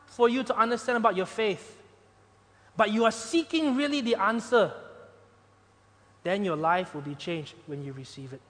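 A male pastor delivers an emphatic sermon in a notably high voice. His points build to loud peaks before dropping to hushed, gentle stretches. The sound rings with the long reverb of a large hall. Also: moderate pace. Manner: emphatic preaching, rises loud then drops soft.

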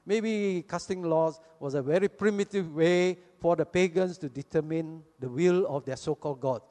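A man's voice: high-pitched, normal speed, a little mellow. A man preaching a sermon in a church hall, acting out the people in the story as he retells it. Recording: long reverb from a hall.

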